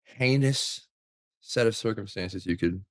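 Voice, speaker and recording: A man co-hosting a casual podcast chat, rambling with lots of fillers and casual swearing. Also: unhurried. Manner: rambling, filler-heavy, acts out quotes in sudden high voices. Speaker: podcast co-host.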